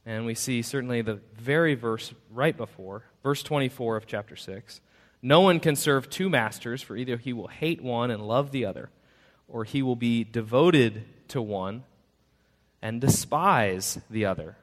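A man's voice: mid-range voice, a little slow. A man preaching a sermon as pastor, conversational and self-deprecating, acting out the voices he quotes. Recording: long reverb of a church hall.

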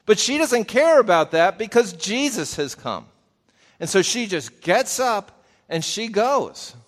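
A man's voice: sits high, very animated, a little slow, a bit bright. A man in a somewhat raised register preaches a conversational Bible teaching. He keeps it folksy and turns to his listeners with direct questions, and his words ring out with the long reverb of a big hall.

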